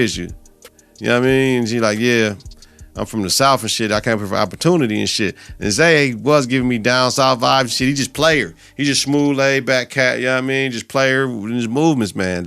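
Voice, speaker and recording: A man hosting a podcast, recapping a TV episode in a casual, profane, animated way, acting out the characters' lines. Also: mid-range voice, creaky, dry recording. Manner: animated, profane retelling with quoted voices. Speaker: podcast host.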